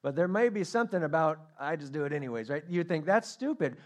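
Animated man preaching a sermon. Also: on the high side, fast talker. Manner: storytelling, animated with acted quotes. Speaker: pastor.

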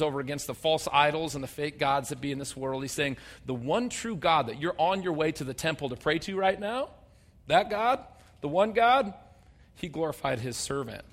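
A man preaching a sermon as pastor, conversational and humorous, swinging between loud emphatic bursts and quiet low asides. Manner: conversational and humorous, acting out people's voices.

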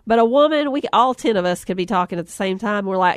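A middle-aged woman, telling a funny personal story, chatty and animated, laughing often and acting out the voices she quotes. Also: medium pitch, fast, no room sound, clean studio sound. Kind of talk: humorous storytelling talk.

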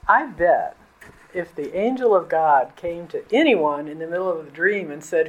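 A middle-aged woman pastor preaching a conversational sermon in a casual, colloquial way, often jumping higher in pitch to stress a point. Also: animated, normal speed, muffled recording.

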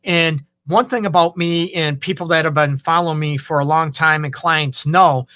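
A man in the counselor's seat, talking through relationship advice in a loose, chatty way and often checking in with "okay?". His voice is bright and a little raised in pitch, and it sits dry and close with no room echo. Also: fairly even intonation, normal speed. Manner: conversational, often checks in with "okay?" and "you know". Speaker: relationship counselor and show host. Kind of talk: casual advice talk.

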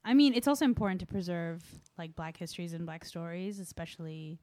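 A woman's voice: lowish voice, expressive, brisk, warm tone. A woman guest in a radio studio chatting casually, backing up the host, asking follow-up questions and swearing now and then.

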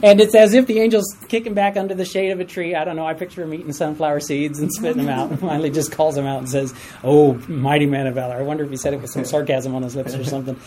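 A teacher leading a Bible study class, asking group members to read verses and explaining them in an animated way. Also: medium pitch, racing, few pauses, background noise. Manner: animated, asks the class for readers, chuckles at stories. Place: room with a class.

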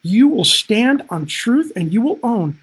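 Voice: medium pitch, big pitch swings, a little slow, slightly rough. A pastor preaching a livestreamed sermon, impassioned and direct, building to emphatic peaks and calling listeners to respond in the chat. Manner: frequent "man" interjections, direct address.

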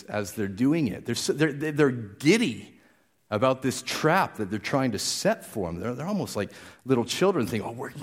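A man preaching a conversational, explanatory sermon, often restarting his phrases. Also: mid-range voice.

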